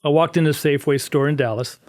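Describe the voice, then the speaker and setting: A man's voice: fairly high pitch, fast talker. A middle-aged man, a podcast guest, telling a story in casual chat and acting out the quotes. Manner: animated storyteller, acts out quotes.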